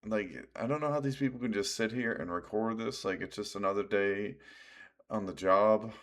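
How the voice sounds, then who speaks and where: A man streaming a live reaction, excitable and blunt, swearing and laughing as he comments. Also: fairly low pitch, normal speed.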